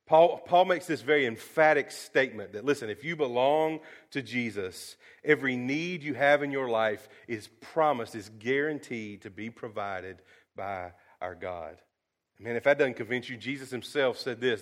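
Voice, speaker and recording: A middle-aged man preaching a sermon, folksy and storytelling, swinging between lively asides and quiet, earnest drops. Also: medium pitch, moderate pace. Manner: folksy, storytelling, animated with sudden soft drops. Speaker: pastor.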